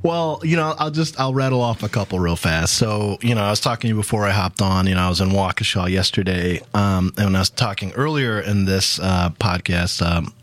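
A man being interviewed on a talk radio show, telling stories quickly and casually with lots of fillers. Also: fairly low pitch, no echo. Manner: quick, chatty, many fillers. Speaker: guest, voter ID coalition coordinator.

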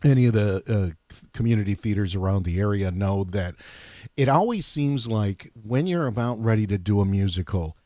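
A man talks easily as a guest on a casual show, rambling and filling gaps with you-knows. His voice sits fairly low. The recording is close and dry. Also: animated, normal speed, mellow, no room sound. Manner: easygoing, rambling, many fillers. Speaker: guest, community theater actor. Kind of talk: casual chat.

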